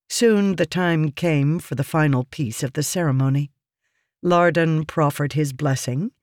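A man narrating a fantasy audiobook in a measured, even reading, close to the mic. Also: a little high, no room sound.

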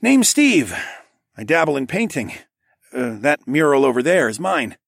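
A man's voice: a little high, sing-song, normal speed, creaky, no room sound, studio quality, voice pushed up, full character voice. A man voicing a chatty, proud middle-aged painter who turns a bit wary.

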